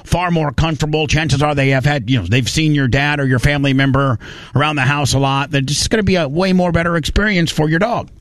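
A man's voice: fairly high pitch, quick pace, no room sound. A man hosting a casual chat, reacting to videos and retelling stories with lots of restarts. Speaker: host.

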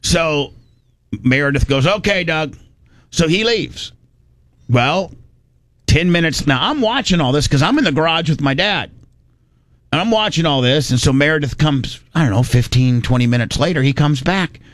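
A man's voice: on the high side, animated, normal speed, fairly bright tone, no room sound. A middle-aged man from Indiana telling a long casual story, rambling with many restarts and salty words.

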